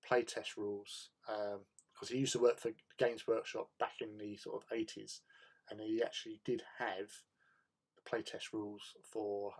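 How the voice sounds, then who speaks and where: A man hosting a hobby livestream, chatting casually with viewers in a rambling way and laughing often. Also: fairly low pitch.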